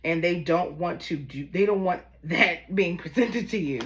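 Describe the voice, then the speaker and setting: A woman with a Baltimore accent and a voice pitched a little low. She chats through a tarot reading like she's talking to friends, loose and familiar, calling everyone "y'all" and "baby.". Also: moderate pace. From Baltimore, USA. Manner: chatty and familiar, calls listeners "y'all" and "baby". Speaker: tarot reader. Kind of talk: casual tarot reading to camera.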